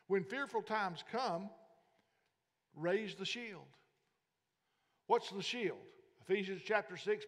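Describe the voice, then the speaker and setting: A man with a notably high voice preaches in a church sanctuary, weaving anecdotes between scripture readings. His words ring out with a long hall reverb behind them. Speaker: pastor. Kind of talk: sermon.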